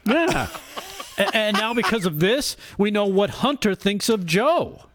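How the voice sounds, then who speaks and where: A man's voice: high-pitched, big pitch swings, measured pace, a bit bright. A man hosting a satirical comedy segment, delivering mock-cheerful, mocking commentary with frequent laughs. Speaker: host of a political comedy segment.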